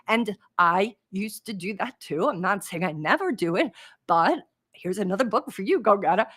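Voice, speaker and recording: A woman hosts a live coaching stream with a slightly husky voice. She talks in a chatty, animated way and answers viewers' comments as they come in. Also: medium pitch, normal speed. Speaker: trading coach, live show host.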